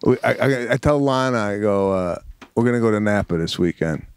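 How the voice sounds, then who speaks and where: A man's voice: lowish voice, a little fast, clear, resonant tone, dry recording, clean studio sound. A man co-hosting a casual comedic chat, telling stories and acting out the voices of family and strangers. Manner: animated storyteller, acts out family voices. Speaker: podcast co-host.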